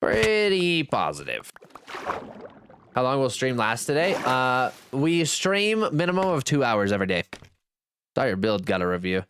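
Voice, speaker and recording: A man streaming a game chats casually and unhurriedly, reading viewers' messages aloud, answering and thanking them, and joking at his own expense. His fairly bright voice swoops wildly between high and low pitch, with a little hiss or hum in the recording.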